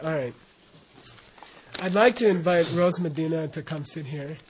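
An American man giving an informal Buddhist teaching, rambling and animated, often laughing and saying "you know". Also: a little high, normal speed, slight background noise. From United States. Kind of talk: informal dharma talk.

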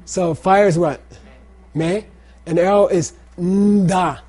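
Middle-aged male teacher, slightly raised husky voice, casual classroom lecture, keeps asking "okay?". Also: sits high, steady tone, a little slow, a little mellow. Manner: repeats phrases and checks in with "okay?". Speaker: teacher of Tibetan language and Buddhist texts.

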